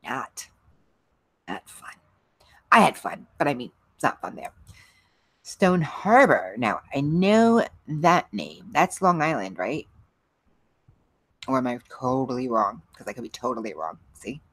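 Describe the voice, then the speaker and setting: A woman's voice: rumbling low, big pitch swings, a little slow, pauses often, breathy edge, no echo. A middle-aged woman hosting a livestream, chatting casually with viewers, rambling and laughing often. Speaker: livestream host. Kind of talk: casual chat with live viewers.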